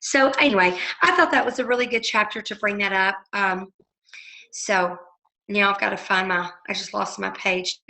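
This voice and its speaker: A woman leading a book study group, telling stories in a casual way and reading out passages, with lively shifts into quoted voices. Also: medium pitch, normal speed, vocal fry, rough recording. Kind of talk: casual storytelling and book discussion.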